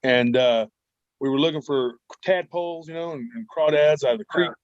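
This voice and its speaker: A man telling a long personal story as a guest in an interview, animated and rambling. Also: fairly high pitch, moderate pace, dry recording. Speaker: guest cryptid researcher. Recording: dull dry remote recording.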